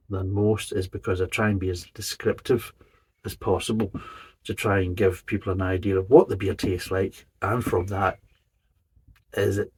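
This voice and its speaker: A man's voice: sits low, breathy edge, low-quality recording. A man giving a casual, methodical beer review, describing each flavour in detail. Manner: methodical, detailed tasting commentary.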